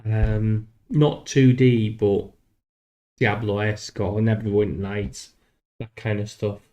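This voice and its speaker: A man streaming live while coding a game, thinking aloud in a halting, self-deprecating way. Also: lowish voice, steady tone, warm tone, highs cut off.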